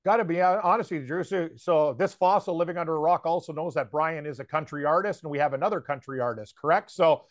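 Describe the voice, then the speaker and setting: A man with a slightly raised voice, talking in a loose, rambling way and piling on fillers as he gets excited. He co-hosts a sports betting show and chats casually about his picks. The sound is dry and close, with no room around him. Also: fairly high pitch, fast talker, few pauses, no echo. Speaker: sports betting podcast co-host. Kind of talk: casual chat.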